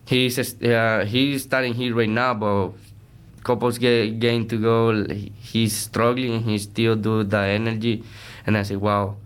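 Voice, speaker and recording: Earnest man, smooth voice. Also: lowish voice, a little slow. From Venezuela. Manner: earnest, energetic, broken English. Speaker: baseball player, interview guest. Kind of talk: casual interview chat.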